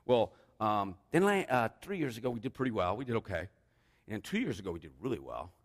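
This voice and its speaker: Brief: chatty male pastor preaching a sermon, animated intonation, long reverb in a church. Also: lowish voice, fairly quick. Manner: rambling with joking asides.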